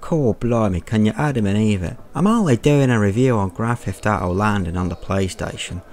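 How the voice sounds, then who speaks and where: A man's voice: lowish voice, animated, a little mellow, a little hiss or hum, lightly acted. A man voicing a blustering, old-fashioned Cockney man in an exaggerated mock accent. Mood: exclaiming. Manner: slow, exaggerated exclamations.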